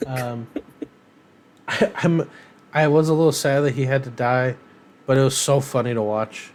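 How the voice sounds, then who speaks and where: A man's voice: medium pitch, fairly even intonation, a little slow, pauses often, slight background noise. A man co-hosting a podcast, chatting casually and rambling with lots of ums and uhs. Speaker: podcast co-host. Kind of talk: casual chat.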